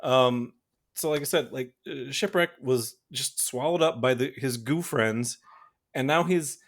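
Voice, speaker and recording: A man of middling pitch co-hosts a podcast in casual chat. He rambles with fillers and restarts and laughs often as he talks. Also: unhurried. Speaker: podcast co-host.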